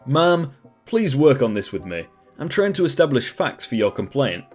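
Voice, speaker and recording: A calm restaurant manager speaks politely but firmly in a storybook reading, as the narrator voices him. His voice moves expressively while staying patient, with faint music underneath. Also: mid-range voice, normal speed. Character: calm, firm male restaurant duty manager.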